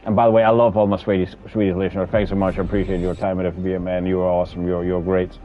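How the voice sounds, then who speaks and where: Danish guy gaming stream, lowish voice, keeps stuttering on words, dull audio w faint music. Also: little pitch movement, rapid-fire. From Denmark. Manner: chatty, stammering with many repeated words. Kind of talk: casual chat while playing a game.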